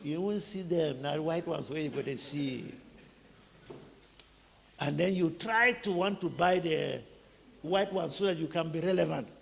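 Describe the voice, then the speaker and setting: Gravelly Nigerian preacher in a hall. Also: male voice, on the high side, a little slow, long pauses, a little hiss or hum. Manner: rhetorical questions, emphatic repeated phrases. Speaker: teacher preaching on family life. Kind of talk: sermon-style teaching.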